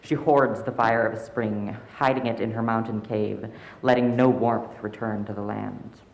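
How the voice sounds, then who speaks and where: A man's voice: on the low side, steady tone, a little slow, gravelly. A man doing a wise old woman with a cracking voice, in a roomy hall. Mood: grave. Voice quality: voice cracking like ice.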